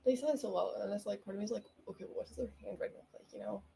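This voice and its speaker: Young female podcast host, excitable and rambling; mellow tone, light background noise. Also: mid-range voice, very fast, vocal fry, rough recording. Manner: bubbly, rambling, giggly. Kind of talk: casual solo podcast chat.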